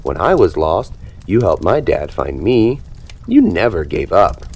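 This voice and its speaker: A man's voice: low-pitched, big pitch swings, measured pace, darkish tone, husky, heavily acted. Man doing an earnest young clownfish boy. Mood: encouraging.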